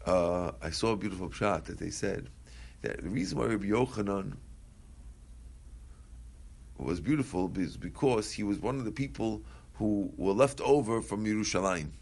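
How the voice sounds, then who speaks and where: Reading Aramaic lines and translating them into English, a Talmud teacher runs his class conversationally, posing questions aloud and responding to students. His voice is fairly low, gravelly and darkish in tone, animated at a moderate pace with long pauses.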